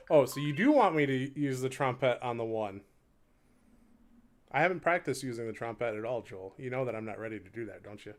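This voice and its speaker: Over faint music and a soft hurdy-gurdy drone, a man with an expressive, medium-pitched voice talks fairly quickly while live-streaming his instrument practice. He rambles casually to viewers, laughs often at himself, and counts beats out loud while playing.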